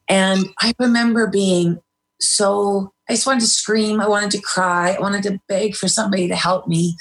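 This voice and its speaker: A middle-aged woman, a guest in an interview, recounting a hard time candidly and with feeling, with some hesitant restarts. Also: mid-range voice. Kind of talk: personal storytelling in an interview.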